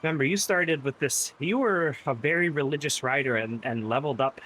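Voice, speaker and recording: A man's voice: on the high side, fairly quick, a bit bright, slight background noise. A man live-streaming an indoor cycling ride, chatting casually with his viewers and riding partner and laughing often.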